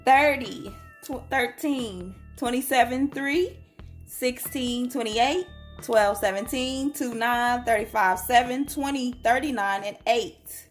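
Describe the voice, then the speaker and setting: A woman's voice: a little high, faint music behind. A woman chatting casually to viewers while scratching lottery tickets and reading numbers aloud. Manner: chatty, slow and drawn-out, reads numbers aloud.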